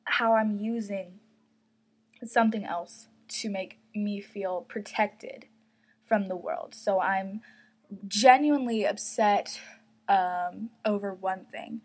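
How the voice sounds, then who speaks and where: A teenage girl hosting her own podcast, talking casually and openly, laughing often and filling her talk with likes and ums. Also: medium pitch. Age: teens. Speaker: podcast host. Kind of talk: casual solo podcast chat.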